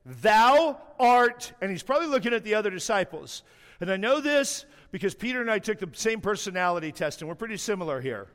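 A high-voiced man preaches a sermon with the energy of a storyteller, stretching out the words he wants to land. His voice rings with the long reverb of a large hall. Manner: animated storytelling, slows down hard for emphasis.

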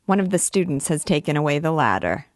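A man's voice: on the high side, sing-song, fast, no room sound, clean studio sound. A woman voicing a timid male actor who answers in a plaintive, piteous way.

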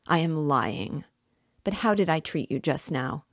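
A crafty, ironical male examining lawyer toys with his suspect in mock-friendly questions, as a woman reads him aloud. The voice sits low and moves slowly. It is recorded dry and close. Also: lively intonation, no room sound. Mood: sly. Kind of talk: audiobook reading.

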